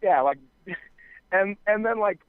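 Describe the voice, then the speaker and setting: Speaking in a high, animated voice at a slightly slow pace, the podcast co-host tells a long, filler-heavy, profane story and acts out the quotes of other people. His tone is clean with no echo, though the recording has a dry, tinny, phone-like quality.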